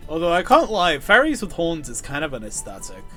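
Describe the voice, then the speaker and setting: A man reading a webcomic aloud with friends, casual, swearing and making quick asides. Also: fairly high pitch, wildly swooping pitch, pushed and bright, faint music behind. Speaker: co-host, reader.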